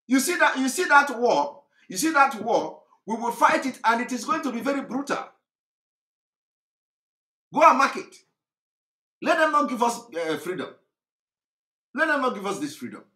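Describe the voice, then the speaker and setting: A political activist broadcaster from southeastern Nigeria speaks in a Nigerian accent, his very high voice sing-song, pushed and bright at a moderate pace with long pauses. His political monologue is impassioned, mocking and fiery, broken by laughter between points, and the recording echoes roomily.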